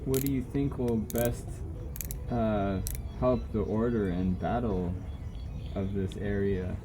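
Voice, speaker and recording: A man's voice: fairly low pitch, fairly even intonation, slow, noisy background. A man playing a tabletop game, asking brief, matter-of-fact questions. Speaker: player. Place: backyard.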